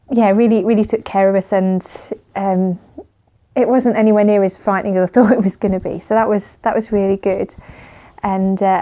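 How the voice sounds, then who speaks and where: A woman's voice: medium pitch, dark tone. A woman chatting casually in a vlog, telling a story with lots of laughs and fillers. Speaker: vlogger.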